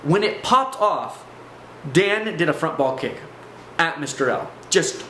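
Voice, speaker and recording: Slightly high-voiced man recounting a personal experience, animated and rambling, roomy echo, faint noise behind. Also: measured pace. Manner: animated, filler-heavy storytelling. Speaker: vlogger. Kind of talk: personal testimony storytelling. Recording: echoey room, faint background noise.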